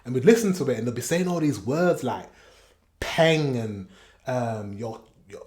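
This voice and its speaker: A man's voice: fairly high pitch, expressive, moderate pace, darkish tone. Chatty man reacting. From Yorkshire, England. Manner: chatty and rambling, with frequent self-corrections and chuckles. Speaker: reaction video host. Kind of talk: casual reaction commentary.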